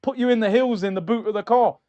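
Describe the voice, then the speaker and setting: A man putting on a mock Italian accent to play a hot-headed older mafia boss, threatening and shouty. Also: sits high, fast talker, dull audio, pitched above the performer's own voice, lightly acted. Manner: threatening, shouty street swagger.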